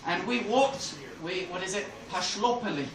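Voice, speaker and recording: A man's voice: sits high, normal speed, a bit bright. An English comedian telling stories on stage, chuckling through his punchlines. He is heard from far off in an echoey club room, with noise all around. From England. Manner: laughing through his own jokes. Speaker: stand-up comedian. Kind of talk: stand-up storytelling. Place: club room with a live audience.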